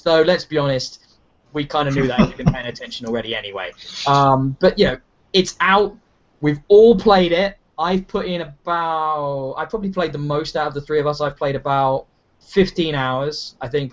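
A man hosting a casual gaming podcast, talking in an animated, rambling way with many restarts. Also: a little high. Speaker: podcast host. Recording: dull lo-fi sound.

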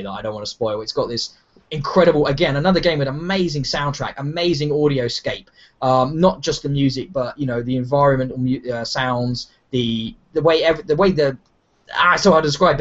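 A man hosting a casual gaming podcast, talking in an animated, rambling way with many restarts. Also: medium pitch. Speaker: podcast host. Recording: dull lo-fi sound.

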